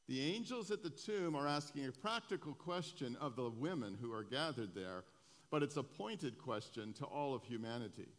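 A man's voice: medium pitch, lively intonation, normal speed. Man preaching in an echoey hall. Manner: preaching with rising emphasis on quoted scripture. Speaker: pastor. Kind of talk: sermon. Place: church sanctuary. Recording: echoey hall, long reverb.

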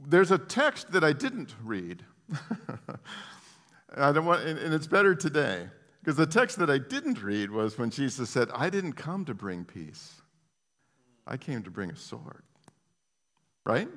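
Pastor preaching in a reverberant hall. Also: male voice, a little high. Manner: conversational, animated, many fillers and restarts. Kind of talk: sermon.

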